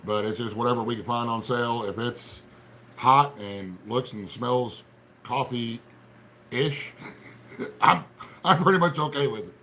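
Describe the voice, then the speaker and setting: A man's voice: mid-range voice, measured pace, long pauses, bright, forceful tone. A middle-aged man from Appalachian Ohio with an Appalachian accent, chatting casually on a livestream, folksy and rambling as he greets viewers by name. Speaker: livestream host.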